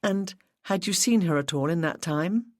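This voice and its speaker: A woman's voice: lowish voice, animated, moderate pace, no room sound, clean studio sound, natural voice. Narrator doing a patient woman detective. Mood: probing. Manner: polite, gently persistent questioning. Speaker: police detective.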